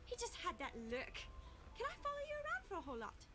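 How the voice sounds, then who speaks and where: A woman's voice: very high-pitched, wildly swooping pitch, fast talker, loud music behind the voice, exaggerated voice. An actress voicing a chatty, overfamiliar young woman in a video game. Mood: excited. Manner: bubbly, overfamiliar. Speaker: game character.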